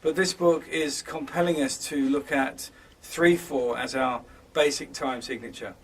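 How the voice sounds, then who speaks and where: A man's voice: medium pitch, a little slow, a little hiss or hum. A man teaching drums, explaining rhythm groupings in a hesitant way with many fillers and restarts. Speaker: drum teacher. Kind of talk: instructional drum lesson, counting beats aloud. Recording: distant mic with loud drums and metronome.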